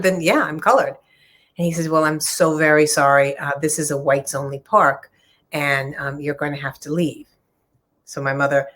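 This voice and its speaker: A woman's voice: low-pitched, fairly bright tone. A middle-aged woman author earnestly telling a personal story in conversation, with many fillers and restarts. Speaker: author discussing her book.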